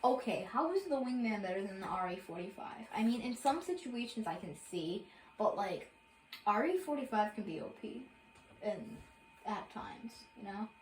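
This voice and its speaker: A woman's voice: mid-range voice, lively intonation, moderate pace, echoey room, slight background noise, poor audio. Rambling young woman reading patch notes. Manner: rambling, filler-heavy, self-correcting. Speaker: gaming video creator.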